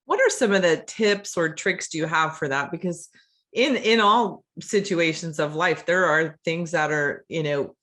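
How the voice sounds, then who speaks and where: Chatty podcast host, animated. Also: mid-range voice, a little slow. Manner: chatty, animated, restarts words. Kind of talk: casual interview chat.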